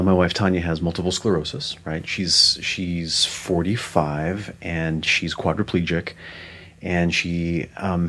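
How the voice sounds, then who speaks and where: A man co-hosting a podcast, chatting casually and telling an animated story that acts out the lines of other people. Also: low-pitched. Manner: animated storyteller, acting out quoted dialogue. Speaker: podcast co-host.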